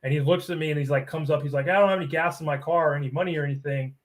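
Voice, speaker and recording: A man's voice: on the high side, steady tone, very fast. A man, a guest on a casual podcast, telling a rambling story and acting mock-offended, swearing a lot. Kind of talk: casual banter.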